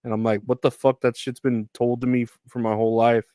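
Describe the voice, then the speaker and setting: Smooth-voiced man in a rambling profane podcast rant. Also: mid-range voice, little pitch movement, a little fast, warm tone, no room sound. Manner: profane, meandering and self-deprecating. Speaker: podcast host. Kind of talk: rambling solo podcast monologue.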